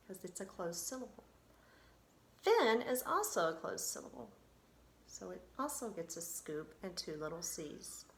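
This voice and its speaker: A woman's voice: medium pitch, echoey room, slight background noise. A woman teaching an online phonics lesson, patiently sounding out letters step by step.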